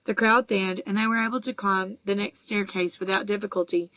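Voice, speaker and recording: A woman narrating an audiobook in a steady, even storytelling voice. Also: mid-range voice, moderate pace, few pauses, no echo. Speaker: audiobook reader.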